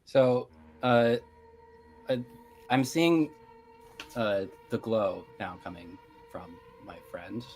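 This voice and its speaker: A man playing a tabletop horror game, describing in halting, restarting speech what his character stares at. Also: fairly low pitch, expressive, faint music behind. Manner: halting, fixated, with frequent restarts. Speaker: player.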